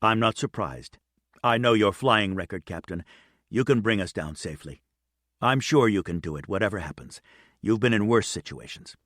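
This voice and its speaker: Guy doing a serious old navy pilot, low and quiet. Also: animated, moderate pace, no echo, clean studio sound. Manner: thoughtful and serious. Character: older male senior pilot, former Navy.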